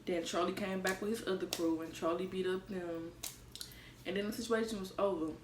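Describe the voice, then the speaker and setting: A woman's voice: medium pitch, fairly even intonation, a little fast, noisy background. Young woman talking casual and blunt, swears a lot, echoey room, mic kinda far away. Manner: candid, profane, conversational storytelling. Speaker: vlogger. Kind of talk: casual storytime vlog. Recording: roomy, mic set far off.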